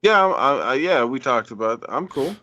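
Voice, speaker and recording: A man co-hosting a casual live stream, talking in a laid-back, rambling way with deadpan jokes. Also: medium pitch, moderate pace, muffled recording. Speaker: podcast co-host.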